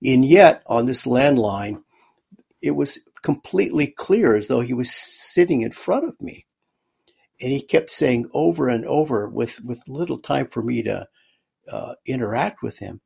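Man, gravelly voice, husky tone, guest telling a long story, stop-start phrasing. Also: mid-range voice, expressive, darkish tone. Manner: halting, repeats words while recounting. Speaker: guest author. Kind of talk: storytelling in an interview.

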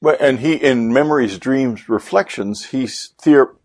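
A man's voice: mid-range voice, unhurried, darkish tone, no room sound. A man hosting a radio interview show, talking enthusiastically as he wraps up and promotes a book.

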